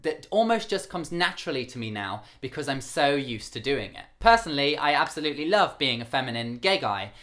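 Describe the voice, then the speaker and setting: A young man vlogging to camera with a light camp rasp, speaking earnestly in a higher-pitched voice he holds a little lower than his relaxed one. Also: fairly quick, hardly any pauses. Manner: earnest, candid. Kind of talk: talking to camera.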